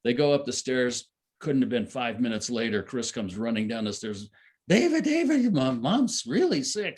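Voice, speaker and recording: An older man telling a long personal story at a satsang, rambling with many fillers and restarts. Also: fairly low pitch. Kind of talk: casual spoken storytelling.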